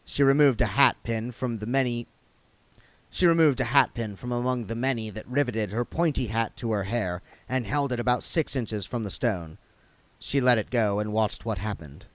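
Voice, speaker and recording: A man reading a comic novel aloud in lively, expressive narration. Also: mid-range voice, normal speed, no echo. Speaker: reader.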